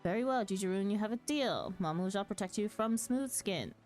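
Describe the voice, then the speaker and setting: A woman's voice: mid-range voice, expressive, a little fast, darkish tone, faint music behind, close to an everyday voice. A woman doing a proud lizard-man warrior. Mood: stern, proud. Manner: broken, clipped speech, stern. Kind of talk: reading game dialogue aloud.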